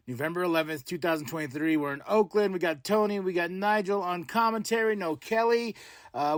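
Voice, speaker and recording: A male podcast host with a fairly high voice, talking through a wrestling show in a loose, excitable way. He chuckles often and breaks into playful wrestler impressions. The sound is close and dry, with no room around it. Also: no room sound. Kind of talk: casual wrestling recap.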